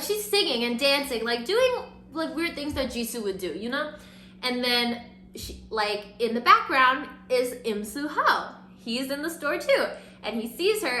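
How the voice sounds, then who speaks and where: Bright-voiced young woman vlogger. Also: a little high, slight background noise. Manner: animated, gushing, heavy use of "like"; talks while applying makeup. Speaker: beauty vlogger. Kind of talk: casual chatty recap. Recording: roomy echo.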